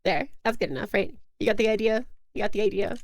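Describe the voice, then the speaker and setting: A woman's voice: medium pitch, fast, no echo. A young woman streaming a game, chatting casually in a giggly, self-mocking way into a close mic. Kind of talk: casual live-stream chat.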